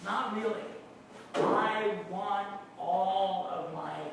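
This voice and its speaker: A male pastor giving a sermon, speaking slowly and deliberately and putting questions to his congregation. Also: high-pitched, creaky, noisy background. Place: church hall. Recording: very echoey room, mic far off.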